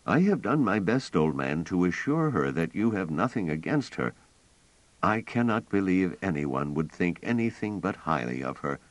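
A man voicing a fussy, gentle elderly male scholar who rambles and talks hesitantly. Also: deep voice, no echo, heavily acted, rough recording. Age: older. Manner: hesitant, wordy, polite.

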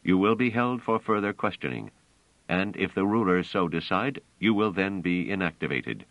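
A man voicing a cold, commanding humanoid guard robot that questions its prisoners in a flat, literal manner. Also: low voice, moderate pace, no room sound, pitched above the performer's own voice. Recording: dull, dry audio.

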